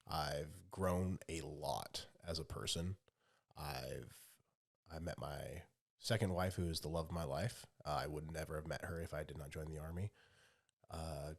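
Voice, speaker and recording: A man being interviewed as a podcast guest, answering earnestly and reflectively in casual talk, with the odd "uh.". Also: rumbling low. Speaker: podcast guest, army veteran.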